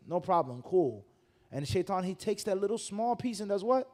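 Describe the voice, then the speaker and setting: A man delivers a mosque lecture in a notably high voice. He is animated and rhetorical, peppering the talk with questions and mocking asides. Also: moderate pace. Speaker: mufti giving a mosque lesson. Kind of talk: sermon-style lecture.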